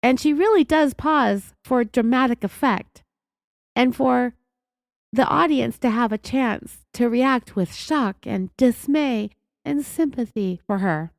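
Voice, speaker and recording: Californian lady doing true crime podcast commentary, gravelly raspy voice from being sick, dry close sound, sarcastic. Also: a little high, slow, no echo. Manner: indignant, sarcastic storytelling. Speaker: podcast host.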